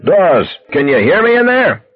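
A man's voice: high voice, sing-song, moderate pace, soft background music, voice pushed up. A man voicing a self-important neighbor who plays tough negotiator, bawling his lines in a pompous, raised voice. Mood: bossy yelling. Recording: dull lo-fi recording.

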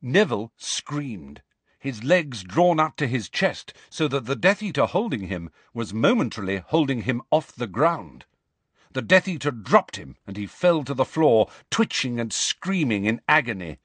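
A man narrates an audiobook slowly and dramatically, his pitch rising and falling with the action. The recording is close and dry. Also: no echo. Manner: measured, expressive, dramatic. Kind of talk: scripted narration.

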